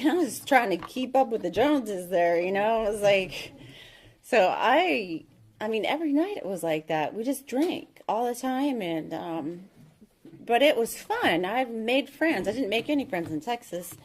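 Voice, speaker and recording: A woman in her thirties telling her recovery story as an AA meeting speaker. She speaks candidly and haltingly, with many ums and restarts. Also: mid-range voice, darkish tone.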